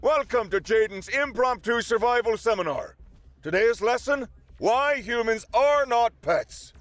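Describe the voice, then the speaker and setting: A man's voice: very high voice, lively intonation, measured pace, a bit bright, no echo, pitched above the performer's own voice, full character voice. A man voicing a cocky, profane human bodyguard with an Irish accent, barking orders. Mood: taunting.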